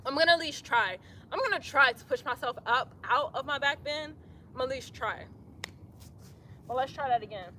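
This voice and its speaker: A young woman leading a casual yoga class outdoors, chatty and talking herself up out loud as she tries a backbend. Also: high-pitched, fairly quick, slight background noise. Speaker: yoga instructor.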